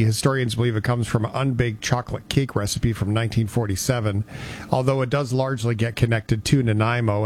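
A man's voice: medium pitch, slight background noise. A man hosting a talk show, chatting casually and telling stories with jokes. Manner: joking, lively storytelling. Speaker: radio show host. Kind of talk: casual chat.

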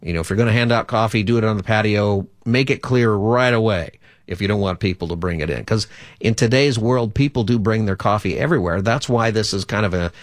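A man's voice: lowish voice, brisk, no echo, clean studio sound. A man hosting a call-in radio talk show as a pastor, speaking in a chatty, rambling, conversational way.

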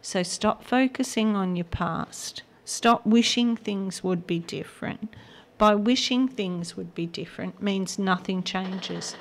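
Older woman, gospel radio host; slow, gravelly, earnest and emotional delivery. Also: medium pitch. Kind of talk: radio devotional talk.

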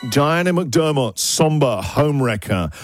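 A man's voice: on the high side, lively intonation, takes it slowly, over loud music. A male radio host in casual chat, laughing often and putting on mock voices.

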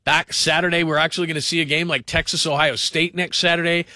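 A man hosting a call-in sports radio show, talking fast and animated, often mimicking the people he talks about. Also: fairly high pitch, no room sound. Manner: animated, does mocking voices of others.

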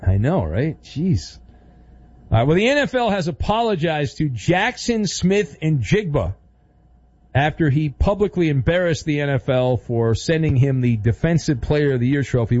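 A man's voice: medium pitch, dark tone, dull audio. A man hosting a sports talk radio show, talking in a playful, teasing way.

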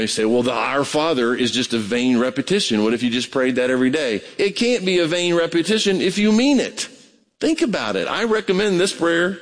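A man preaching a sermon as pastor, conversational and animated, acting out prayers and voices. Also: medium pitch. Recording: long reverb of a large hall.

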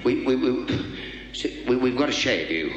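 A man's voice: medium pitch, lively intonation, moderate pace, lo-fi sound, music in the background, natural voice. A man voicing a fussy female head nurse who coos "darling" at her patient and stammers when she gets embarrassed. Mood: coy. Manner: sweet-talking, flustered, stammering. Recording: roomy reverberant recording.

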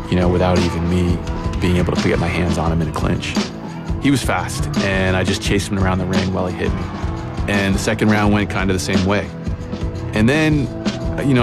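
A man telling a personal story in a relaxed, conversational way, with casual fillers and pauses. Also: low voice, creaky. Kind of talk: personal story told aloud. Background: guitar music.

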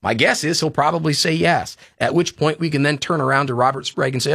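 A high, gravelly male talk radio host rants with heated passion, pleading and scolding in turn. His voice is bright and sharp, and the sound is dry and close. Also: fast talker, few pauses, no room sound. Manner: impassioned, ranting, pleading.

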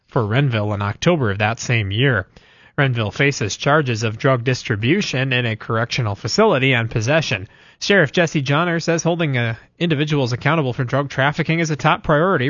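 A man reading the news on radio in a crisp, measured way. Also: mid-range voice, a bit bright, dry recording, highs cut off. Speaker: radio newscaster.

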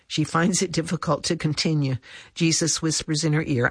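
A narrator reading a devotional story in an expressive storytelling way. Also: medium pitch, normal speed, slightly rough, no room sound.

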